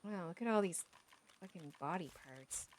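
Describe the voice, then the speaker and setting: A middle-aged woman streaming a video game, chatting excitably and swearing freely as she plays. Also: on the low side, normal speed, a little hiss or hum. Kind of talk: casual game-streaming commentary.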